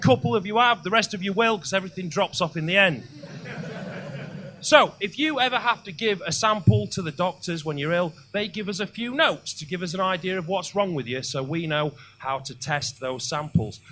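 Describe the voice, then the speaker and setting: A male stand-up comedian telling crude stories, loud and sweary, building to shouts. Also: sits high, normal speed, slight background noise.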